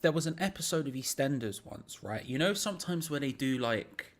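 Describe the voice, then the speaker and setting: A man with a mid-pitched voice co-hosts a live chat. He tells a long, wry story at an easy conversational pace. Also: expressive, fairly quick. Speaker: co-host. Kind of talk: casual live-stream chat.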